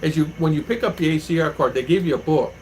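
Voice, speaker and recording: Talking fast in a slightly high voice, this vlogger chats with his channel's viewers from home in the Philippines. He rambles through stories packed with fillers, and the poor audio has some slight background noise.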